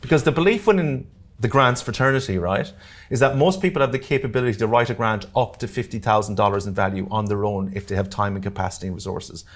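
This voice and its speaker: A man with an Irish accent presenting a live workshop to a room, talking quickly and jokily and often checking in with "okay?" and "all right?". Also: lowish voice. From Ireland. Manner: fast-talking, jokey, keeps checking in with the audience. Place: community centre meeting room.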